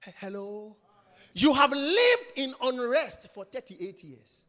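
A man preaching a sermon with emphatic repetition, swinging from loud shouts down to hushed whispers. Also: very high-pitched, sing-song, slow pace, big-room sound.

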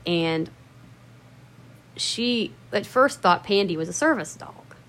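A woman's voice: medium pitch, expressive, slow pace, a bit bright. A woman telling a personal story in a casual, rambling way, swearing often and stressing her words for emphasis.

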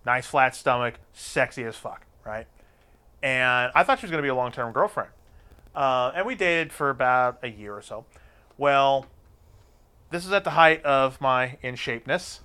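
A man's voice: mid-range voice, clean tone. A man telling a crude story in casual, profane chat and acting out the voices of the people in it. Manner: profane, animated, acts out the voices of people in his stories.

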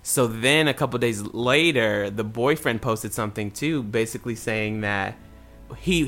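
Animated man in casual gossip chat. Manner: animated, bursts into high laughs. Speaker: podcast co-host.

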